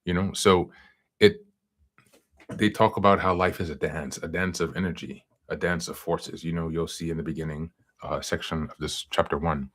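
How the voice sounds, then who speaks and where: A man's voice: rumbling low, steady tone, moderate pace. A man hosting a self-help podcast, talking casually with many fillers and asides, then reading from a book. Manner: rambling, frequent fillers and "you know". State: hiccuping. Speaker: podcast host.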